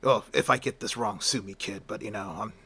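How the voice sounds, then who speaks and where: A man voicing a gruff blustery newspaper editor. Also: lowish voice, a little fast, pushed and bright, exaggerated voice. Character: gruff, tough but fair male newspaper editor.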